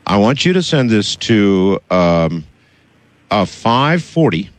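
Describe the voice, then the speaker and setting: A man hosting a call-in radio show, cutting in and pressing his caller in a halting, insistent way. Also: lowish voice, sing-song. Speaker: radio host.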